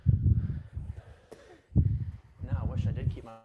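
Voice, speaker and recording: A man's voice: takes it slowly, phone-quality sound, over loud music. A male show host joking his way through a workout, self-deprecating and out of breath. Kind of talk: joking casual chat during a workout.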